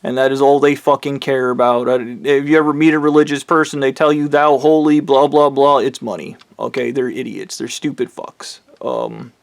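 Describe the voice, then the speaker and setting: Gravelly, angry man ranting. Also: mid-range voice, steady tone, fairly quick, few pauses, no echo. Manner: angry, bitter, heavy swearing. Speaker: vlogger. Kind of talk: profane personal rant.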